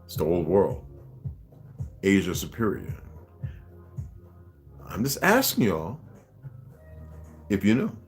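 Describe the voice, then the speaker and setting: An older man from the United States hosting a livestream, rambling and halting, often repeating words as he fiddles with his device. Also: deep voice, wildly swooping pitch, soft background music. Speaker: livestream host. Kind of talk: casual livestream talk.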